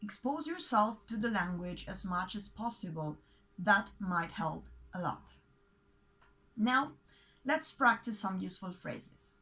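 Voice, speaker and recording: An Argentine woman teaches a Spanish lesson at a mid pitch. She speaks slowly and clearly and says each example word twice so that learners can repeat it. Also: lively intonation, a bit bright, low-quality recording. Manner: slow, clear, repeats model words for learners. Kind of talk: scripted language lesson.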